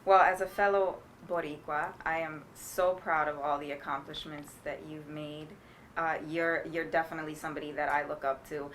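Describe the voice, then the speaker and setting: A woman reporter asking interview questions in a soft-spoken, warm way. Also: deep voice, fairly even intonation, moderate pace, a little hiss or hum.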